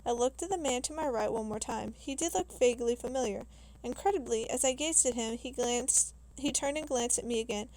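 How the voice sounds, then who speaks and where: A woman reading a novel aloud in a steady, measured way, with small restarts now and then. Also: a little high, poor audio. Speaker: reader.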